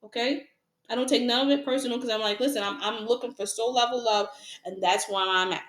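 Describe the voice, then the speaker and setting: A woman's voice: fairly high pitch, fairly even intonation, quick pace, fairly bright tone, reverberant. A woman giving a casual tarot reading to her viewers, frank and repetitive, asking rhetorical questions and laughing often. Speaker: tarot reader.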